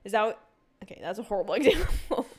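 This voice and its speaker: A young woman streaming a cozy video game, chatting casually with her viewers, rambling with lots of fillers and breaking into excited outbursts. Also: medium pitch, fast, husky. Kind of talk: casual livestream chat while gaming.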